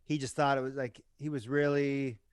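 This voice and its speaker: His medium-pitched voice is clear and resonant, delivered flat at normal speed with no room sound. This rock musician chats casually as a podcast guest, telling stories, often ending lines with "right?" and cursing every so often.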